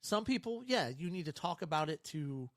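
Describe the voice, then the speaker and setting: A middle-aged man with a fairly high voice chats casually on a podcast, rambling through anecdotes and putting on voices for the people he quotes. The sound is dry and close, with little room echo. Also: very animated, normal speed, a bit bright. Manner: rambling storyteller, acts out quotes, laughs often. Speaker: podcast co-host. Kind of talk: casual chat over beers.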